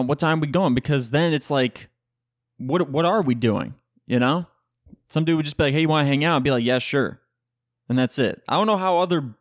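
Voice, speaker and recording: A young man talks straight to the mic in a relaxed solo podcast, rambling through a personal story. He laughs often, swears casually and acts out what his friends said. The sound is dry and close, with no room echo. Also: medium pitch. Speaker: podcast host.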